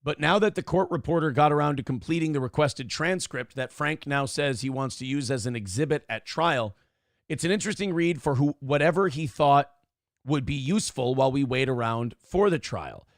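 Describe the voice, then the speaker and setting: A man's voice: medium pitch, animated, moderate pace, dry recording, studio quality. A man hosting a morning show, telling a rambling, profane story in casual talk and acting out the people he quotes. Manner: profane, rambling, acts out quotes in other voices.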